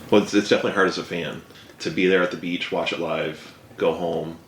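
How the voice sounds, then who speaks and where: Male host, very low voice, relaxed chat, roomy echo, faint hiss. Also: a little fast. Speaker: podcast host. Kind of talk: casual fireside conversation. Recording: echoey room, faint hiss.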